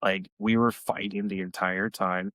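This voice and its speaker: A man's voice: little pitch movement, unhurried, fairly bright tone, no room sound, poor audio. A young man co-hosting a podcast, telling family stories in casual chat and acting out quoted lines. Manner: storytelling, acts out quotes in high voices. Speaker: podcast co-host.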